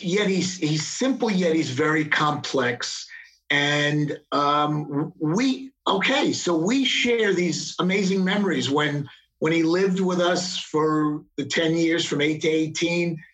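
A middle-aged man, a father, talking reflectively in a casual conversation, with many pauses and restarts. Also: fairly high pitch, a bit bright, rough recording. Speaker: guest, father of the host.

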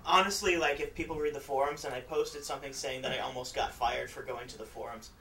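A man in casual chat, dry and deadpan with short answers. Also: medium pitch, quick pace, gravelly, a little hiss or hum, rough recording. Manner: dry, deadpan one-liners. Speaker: regular co-host.

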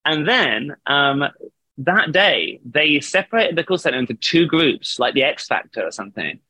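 A man's voice: a little high, bright, forceful tone, dry recording. A man telling a long, rambling story in a casual interview over a video call, laughing often and swearing. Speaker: band vocalist, guest.

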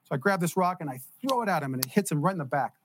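Animated storytelling man, higher voice. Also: very fast, a little hiss or hum. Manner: animated, laughs while telling stories. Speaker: guest. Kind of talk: casual storytelling.

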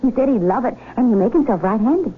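Brief: a woman playing a lively young fiancée, high voice, tinny hissy radio sound. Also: quick pace, close to an everyday voice. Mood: bubbly. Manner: chatty and bright, turning hurt and sharp. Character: young woman engaged to the doctor, spirited. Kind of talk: 1970s radio drama acting. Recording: tinny narrow broadcast with faint hiss.

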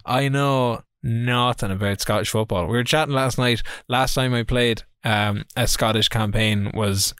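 A man's voice: medium pitch, fairly even intonation, unhurried, few pauses, fairly bright tone, smooth, no room sound, studio quality. Laid-back Irish man in his thirties. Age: 30s. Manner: rambling, laid-back storytelling. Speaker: podcast co-host. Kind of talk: casual chat.

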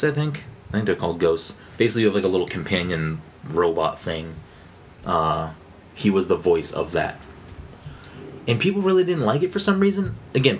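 Low-voiced, rambling podcast co-host man. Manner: rambling, excitable, many fillers and restarts. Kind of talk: casual chat. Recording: faint background noise.

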